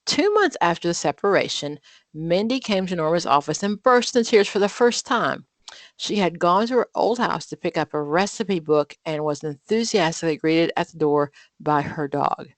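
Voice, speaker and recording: In a live online study group lesson, a low-voiced woman instructor reads practice questions aloud before quizzing the group and explaining answers. Her delivery is chatty and full of fillers and self-corrections, with no room sound on the recording.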